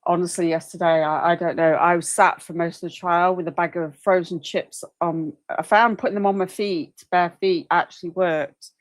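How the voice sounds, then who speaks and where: A woman's voice: lowish voice, fairly even intonation, normal speed, few pauses, low-quality recording. A woman hosting a livestream, chatting casually in a rambling way with apologetic asides. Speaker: livestream host commenting on a trial. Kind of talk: casual chat.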